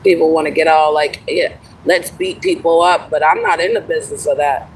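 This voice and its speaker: A woman's voice: sits low, steady tone, brisk, recorded from a distance, low-quality recording. Chatty woman livestreaming, faint hiss. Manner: chatty, rambling, laughs often, says honey. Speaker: livestream host. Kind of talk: casual livestream chat.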